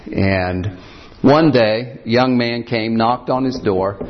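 A male pastor preaching a sermon, telling a story at an unhurried pace with frequent pauses and "uh"s. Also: mid-range voice. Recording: dull lo-fi church recording.

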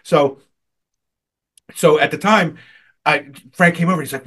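A slightly high-voiced man on a podcast, rambling through a crude workplace story with plenty of swearing and laughter. He talks in a loose, casual way, stopping and restarting his sentences as he goes. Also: a bit bright. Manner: profane, rambling, quick to laugh. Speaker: podcast host.

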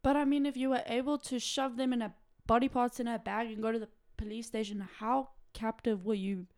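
A woman's voice: on the high side, fairly even intonation, fairly quick, darkish tone. A woman co-hosting a casual true-crime podcast who reacts with disbelief, jokes and swears. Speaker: podcast co-host.

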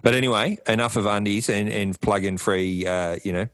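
A man co-hosting a podcast, with relaxed, joking banter. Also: fairly low pitch, normal speed, no echo. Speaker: podcast co-host. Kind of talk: casual chat.

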